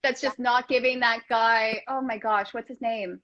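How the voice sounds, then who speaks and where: A woman hosting a casual chat, talking in a playful, quick way with lots of asides. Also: on the high side, fairly even intonation, sharp tone, lo-fi sound. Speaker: host.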